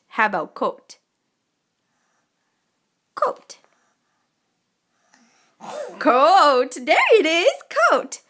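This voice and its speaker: A mother slowly coaxing her toddler through words, stretching each one out in a sing-song way. Her voice sits high and sounds bright and crisp. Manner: slow and clear, drawn-out words with frequent high-pitched praise. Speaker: mother teaching her toddler sign language.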